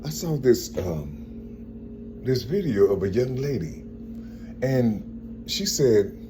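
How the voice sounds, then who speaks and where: A man in his fifties with a strong, forceful tone, talking in a rambling personal monologue and repeating phrases as he searches for words. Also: medium pitch, very animated, slow pace, background noise. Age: 50s.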